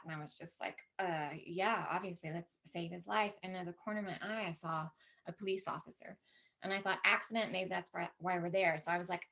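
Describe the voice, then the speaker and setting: A middle-aged woman on a conference stage tells an audience a personal story, full of candid emotion and quoted dialogue. Her voice sits fairly low and sounds gravelly and a little bright, and she speaks fairly quickly in a steady tone.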